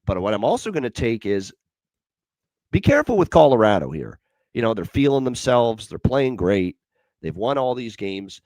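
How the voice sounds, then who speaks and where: A man's voice: lowish voice, darkish tone, no echo. A man hosting a sports betting show, talking through picks with lots of fillers and repeated stats.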